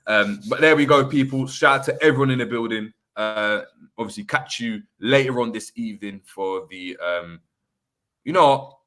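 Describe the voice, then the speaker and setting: A man hosting a casual football livestream, chatty and relaxed with lots of fillers. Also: on the low side, normal speed. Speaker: host.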